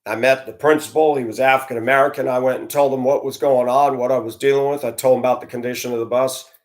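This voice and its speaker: A man's voice: medium pitch, steady tone, fast. A middle-aged man, a former school bus driver, telling a personal story in a conversational way and speaking straight to his listeners. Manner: conversational, addresses listeners directly, acts out dialogue in his telling.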